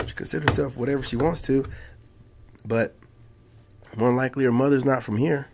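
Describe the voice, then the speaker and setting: A man's voice: medium pitch, steady tone, a little fast, creaky, noisy background. A man hosting a casual reaction video, talking in a drawling, slangy way and saying "man" a lot. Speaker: YouTube reaction host.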